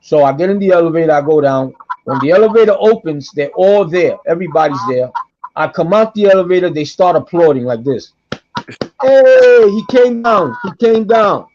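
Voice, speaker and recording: A middle-aged man tells a story on a podcast, keeping it lively and playing every voice in it himself. His voice sits high for a man, and the recording sounds dull and lo-fi. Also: brisk. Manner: animated, acts out quoted voices, repeats himself. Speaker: guest storyteller.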